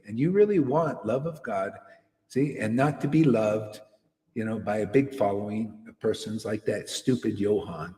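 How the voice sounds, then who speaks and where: A man's voice: mid-range voice, dark tone. Fiery preacher man in an echoey hall. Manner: confrontational, rambling, keeps saying "see" and "man". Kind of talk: informal devotional sermon. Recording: echoey hall with long reverb.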